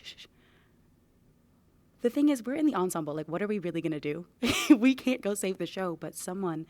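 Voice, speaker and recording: A young actress tells a casual, lively anecdote, laughing often as she goes. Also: fairly low pitch, no room sound. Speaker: actor.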